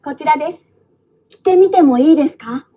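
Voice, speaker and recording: A woman's voice: sits high, racing, highs cut off, lightly acted. A woman voicing a young female store clerk and shopper in a textbook dialogue clip, formal and polite.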